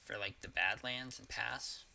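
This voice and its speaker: A man's voice: mid-range voice, fairly even intonation, unhurried, vocal fry, pushed and bright. A man casually commenting on his card game as he plays, thinking aloud with hesitations and the odd curse. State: has the hiccups.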